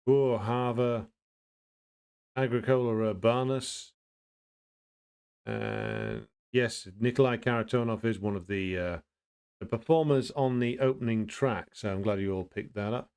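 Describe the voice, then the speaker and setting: A man hosting a casual livestream, greeting viewers and answering their comments in a blunt, opinionated way, pausing often to think and restarting his sentences. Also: medium pitch, expressive, creaky, darkish tone, clean tone. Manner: thinks aloud with frequent pauses and restarts. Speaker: livestream host.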